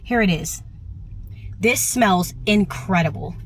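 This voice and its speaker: A woman's voice: medium pitch, slow pace, a little hiss or hum. A woman chatting enthusiastically in a travel vlog, recorded on a handheld phone in a parked car. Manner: enthusiastic, gushing. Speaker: travel vlogger. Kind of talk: casual vlog chat. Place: parked car in a parking lot.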